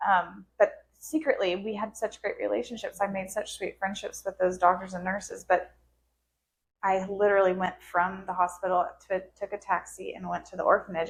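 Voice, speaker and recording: A woman's voice: mid-range voice, steady tone, a little fast, slight background noise. A woman podcast host telling an emotional personal story in casual conversation, her voice rising and cracking into tearful laughter as she relives moments.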